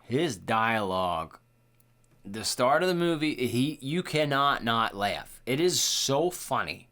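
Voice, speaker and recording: A man's voice: mid-range voice, slow. A young man co-hosting a podcast, talking casually and profanely, acting out quotes. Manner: animated, profane, acts out quoted lines. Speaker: podcast co-host. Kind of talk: casual chat.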